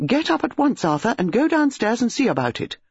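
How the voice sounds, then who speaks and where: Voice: medium pitch, sing-song, a little fast, a little mellow, breathy edge, no room sound, pitched above the performer's own voice. A reader voicing an insistent upper-class English wife who speaks urgently and firmly, in a dull lo-fi storybook recording. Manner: urgent, firm.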